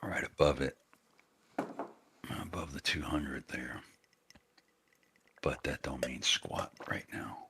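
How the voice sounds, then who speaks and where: A man's voice: very deep voice, slow, long pauses, bright, forceful tone, a little hiss or hum. A man co-hosting a live day trading stream, laid-back, with short remarks and folksy phrasing. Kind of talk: casual live-stream chat.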